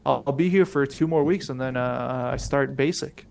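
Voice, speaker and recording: A man's voice: mid-range voice, moderate pace, vocal fry, darkish tone. A young man co-hosting a podcast, telling a rambling, profane story in casual slang and acting out the people he quotes. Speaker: podcast co-host.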